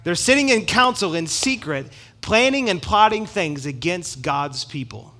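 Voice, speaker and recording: A man's voice: high voice, animated, measured pace, bright, forceful tone. A middle-aged man preaching a sermon in an emphatic, conversational way, with asides to the congregation. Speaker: pastor.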